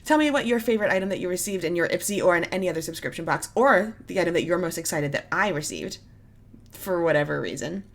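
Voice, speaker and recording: Unboxing beauty products at home, this woman in her thirties, a beauty vlogger, talks fast in an expressive, creaky, fairly low voice. She's casual and wryly pokes fun at herself while working through what everything costs.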